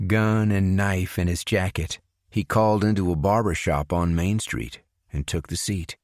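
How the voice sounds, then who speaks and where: A man narrates a suspense audiobook in a very low, deep voice. He reads slowly and with care, giving each character a voice. The recording is dry and close, with no room sound. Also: a little mellow, no room sound. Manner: measured, unhurried reading with voiced dialogue. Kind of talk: scripted narration.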